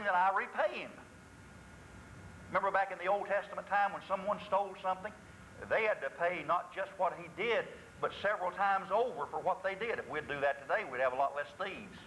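A man's voice: sits high, fairly bright tone, a little hiss or hum, rough recording. A male pastor preaching a sermon in a church, asking rhetorical questions and acting out confessions.

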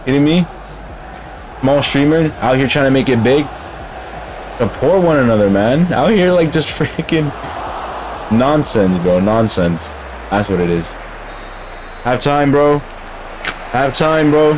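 A man's voice: mid-range voice, expressive, measured pace, pauses often, over music. A man streaming a game live, grumbling in casual slang and calling his listeners bro.

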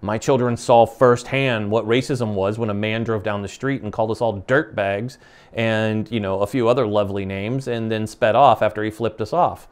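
A man's voice: lowish voice, fairly even intonation, moderate pace, clear, resonant tone. A man in his forties, from the United States, hosting an interview in a passionate, emphatic way, often restarting his sentences. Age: 40s. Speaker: show host. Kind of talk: conversational interview.

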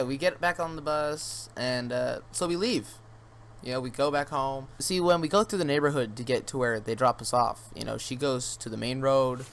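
A man's voice: mid-range voice, slight background noise. A teenage boy vlogger rambling through a funny story with lots of fillers, sounding amused. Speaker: gaming channel vlogger. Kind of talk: storytime rant over gameplay.

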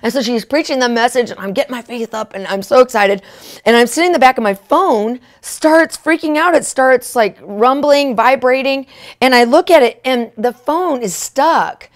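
A woman minister telling a testimony in a sermon, excitable, often laughing and asking "right?" and "okay?". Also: high voice, moderate pace. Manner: laughs often mid-sentence.

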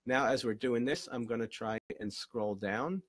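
A man's voice: medium pitch, moderate pace, dry recording. A man, a relationship coach, answers viewers' questions in an earnest, encouraging live-stream Q&A and repeats his key phrases. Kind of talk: live-stream Q&A, motivational advice.

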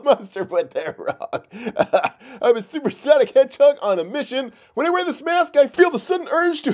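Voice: mid-range voice, natural voice. A performer voicing a giggly male puppet who hosts a comedic toy review show, laughing constantly and exclaiming through it. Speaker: host.

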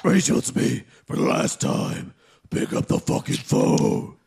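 A man voicing a jealous, hotheaded male caped crusader who leaves ranting, swearing voicemails in a very gravelly growl. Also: very deep voice, wildly swooping pitch, a little slow, a little mellow, heavily acted. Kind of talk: comedy voicemail sketch.

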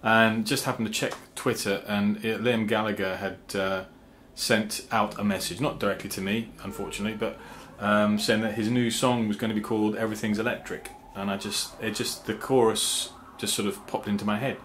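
A man talking casually to his viewers about songwriting, halting with fillers and restarts, and now and then humming rhythm syllables. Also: on the low side, steady tone, fairly bright tone, a little hiss or hum. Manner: sings rhythm syllables to explain meter. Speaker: songwriter and channel host. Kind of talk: casual talk to camera.

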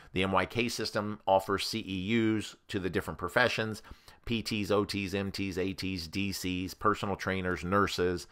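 A man, a therapist, giving a conversational educational talk that compares treatment methods. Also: low-pitched. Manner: animated, conversational explainer.

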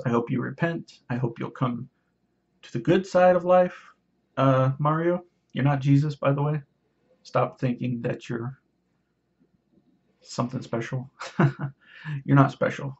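Man, YouTuber; husky, sarcastic, preachy rant. Muffled lo-fi. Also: medium pitch, normal speed, long pauses, a little mellow. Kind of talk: casual rant to camera.

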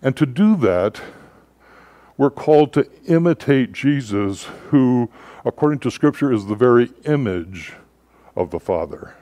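A man giving a sermon as a pastor, telling stories in a relaxed, conversational way with frequent filler words. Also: medium pitch, unhurried, dry recording.

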